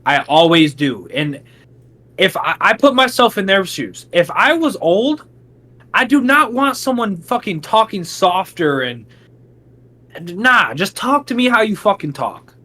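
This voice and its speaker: A man's voice: sits high, very animated, measured pace, sharp tone. A man co-hosting a podcast in casual chat, blunt and swearing freely. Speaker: podcast co-host.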